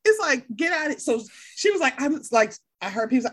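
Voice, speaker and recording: A woman's voice: a little high, expressive, rapid-fire, hardly any pauses, fairly bright tone. A woman hosting a casual chat, passionate and blunt, swearing freely and acting out the people she quotes. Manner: vividly acts out quoted people.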